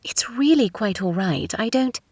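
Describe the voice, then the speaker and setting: A woman voicing a refined, composed young woman with a crisp British accent, in an audiobook romance. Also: medium pitch, lively intonation, measured pace, a little mellow, dry recording, pitched above the performer's own voice. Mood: politely firm. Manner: crisp, politely insistent.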